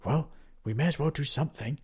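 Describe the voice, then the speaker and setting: A man's voice: a little high, a little fast, darkish tone, breathy edge, voice pushed up. A man voicing a cheerful, eager companion.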